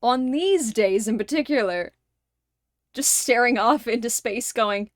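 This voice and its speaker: A young woman streaming a game, chatting casually and telling animated stories, often laughing and acting out what people said. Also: a little high, unhurried, no echo, clean studio sound. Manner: animated storyteller, acts out quoted lines, laughs often. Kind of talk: casual livestream chat while gaming.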